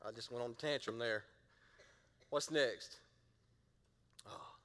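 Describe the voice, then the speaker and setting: A man's voice: mid-range voice, measured pace, pushed and bright, big-room sound. A middle-aged man, a pastor preaching a sermon in a playful, conversational way and drawing the congregation into call-and-response.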